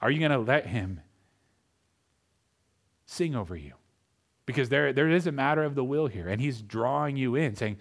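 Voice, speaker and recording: A pastor preaching a sermon, speaking straight to his congregation and swinging between quiet, intimate lines and loud, emphatic ones. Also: mid-range voice, animated, moderate pace, creaky, long pauses. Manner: addresses the congregation directly.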